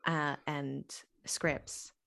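Woman, interview guest, voice actor, lowish voice, giggly, bubbly. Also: little pitch movement, extremely slow, vocal fry, a bit bright. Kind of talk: casual interview chat.

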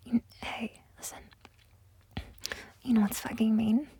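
A young woman in a whispered role-play, voicing a domineering, mocking character in a breathy close whisper that keeps repeating itself. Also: on the high side, flat delivery, measured pace, dark tone. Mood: angry.

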